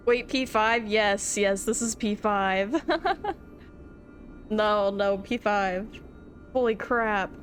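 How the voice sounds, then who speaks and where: A young woman streaming a game live, chatting with viewers and getting emotional and excited, laughing often. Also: medium pitch, drawn-out words, long pauses, soft background music. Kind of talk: live gameplay stream chat.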